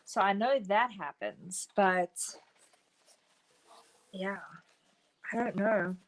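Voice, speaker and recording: A woman chatting casually while painting a craft project, talkative and quick to laugh. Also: medium pitch, low-quality recording. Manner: chatty, laughs often, talks to her pet birds. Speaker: craft stream co-host.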